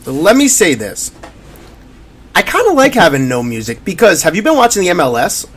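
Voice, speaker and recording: A man's voice: high voice, moderate pace, a little hiss or hum. A man co-hosting a podcast, chatting casually about sports and acting out quotes as he tells stories. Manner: animated, storytelling with acted-out quotes. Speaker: podcast co-host.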